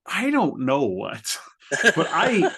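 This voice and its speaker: A man's voice: creaky, bright, forceful tone, slightly rough. A man co-hosting a podcast in casual chat, rambling and stammering as he describes things, laughing often. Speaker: podcast co-host. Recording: lower quality than usual.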